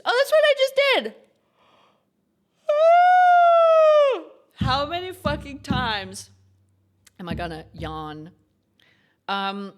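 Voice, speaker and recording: A woman's voice: on the low side, pushed and bright. Woman thinking aloud while coding. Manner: thinking aloud, reading code and lesson text half to herself. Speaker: streamer. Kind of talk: casual coding stream commentary.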